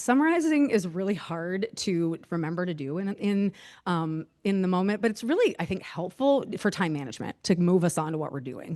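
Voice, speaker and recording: A woman's voice: mid-range voice, darkish tone. Woman presenter, conversational lecture delivery, filler-heavy and self-deprecating. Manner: chatty, many fillers, laughs at herself. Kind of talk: casual presentation.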